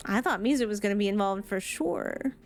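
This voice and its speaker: A woman's voice: medium pitch, animated, a little fast, faint music behind. A woman streamer giving chatty, playful commentary while playing a story game, drifting into rambling asides. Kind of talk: casual let's-play commentary.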